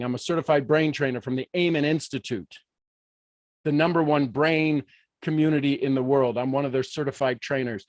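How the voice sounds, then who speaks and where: A man from Ohio giving a motivational talk in an animated, folksy way with playful asides. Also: fairly high pitch, no room sound, clean studio sound. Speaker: motivational speaker.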